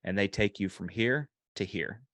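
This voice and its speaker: A man coaching a sales agent one on one, relaxed and rambling with frequent ums and restarts. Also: lowish voice, normal speed, dry recording.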